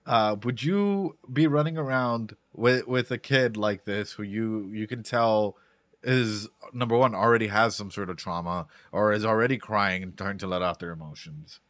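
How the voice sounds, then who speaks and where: A man's voice: fairly low pitch, moderate pace, a bit bright, no room sound. A man giving casual live-stream commentary on an anime, rambling and repeating words as he talks to his chat.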